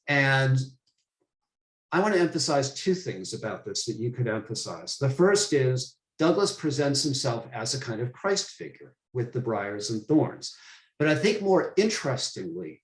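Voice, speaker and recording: A man's voice: medium pitch, big pitch swings, normal speed. Man lecturing in a roomy room. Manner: thoughtful, with frequent restarts and emphasis. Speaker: professor giving a lecture. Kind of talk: online lecture for teachers. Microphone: computer mic on a video call.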